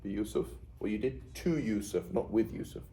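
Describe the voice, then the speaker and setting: A man's voice: on the low side, moderate pace, mellow, slight background noise, poor audio. A middle-aged man teaching a Quranic Arabic class in a conversational way, often checking with "right?". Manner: explains with frequent "right?" checks.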